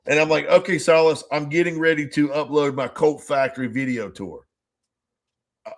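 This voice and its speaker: A man with a fairly high voice co-hosts a casual podcast chat. He tells long, rambling stories, plays out both sides of conversations, and curses freely. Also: steady tone, moderate pace. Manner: rambling storyteller who swears freely and acts out conversations. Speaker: podcast co-host.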